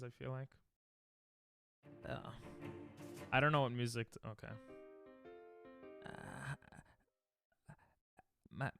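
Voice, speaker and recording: A man's voice: medium pitch, creaky, sharp tone, smooth, dry recording. A man rambling and joking in casual livestream chat, often cutting himself off mid-sentence. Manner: rambling, self-interrupting, joking. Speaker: streamer.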